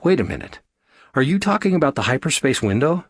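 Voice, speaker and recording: A man's voice: a little high, very animated, a little fast, slightly rough, dry recording, clean studio sound, voice pushed up. A man voicing a frightened young astronaut who talks nervously and stammers in an audiobook. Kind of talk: audiobook character voice.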